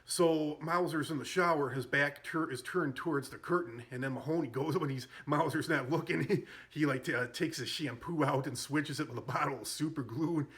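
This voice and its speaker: Brief: chatty man recapping a film, somewhat high voice, meandering and amused. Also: moderate pace, few pauses, fairly bright tone. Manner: rambling, amused, full of fillers and self-corrections. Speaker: movie reviewer. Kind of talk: casual movie recap.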